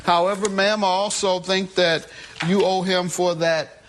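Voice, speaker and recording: A male judge with a fairly high voice questions the parties briskly. He then delivers a firm courtroom ruling. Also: little pitch movement, a bit bright, slight background noise.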